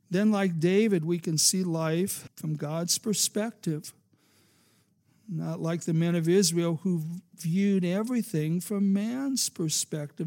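A man's voice: high-pitched, creaky, darkish tone. A man preaching a sermon, emphatic and asking his listeners rhetorical questions, building to fervent peaks. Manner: emphatic, rising to fervent crescendos.

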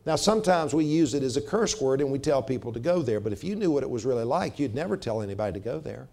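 A middle-aged man preaching a sermon, measured and slowing down to stress scripture. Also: medium pitch, lively intonation, gravelly, darkish tone. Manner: measured, slows for emphasis on scripture. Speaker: pastor.

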